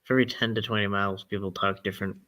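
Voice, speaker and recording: A man's voice: lowish voice, rapid-fire. Rambling, laughing Massachusetts man. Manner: rambling, laughs often, animated tangents. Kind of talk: casual chat.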